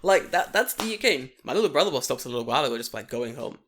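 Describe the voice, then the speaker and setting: A man's voice: mid-range voice, very animated, very fast, fairly bright tone, slight background noise. A man, co-hosting a casual podcast chat, swearing freely and acting out mocking voices. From London, England. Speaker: podcast co-host.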